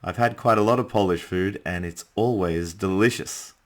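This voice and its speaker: A man teaching a beginner English lesson, speaking deliberately and adding small friendly asides. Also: sits low. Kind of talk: beginner language lesson narration.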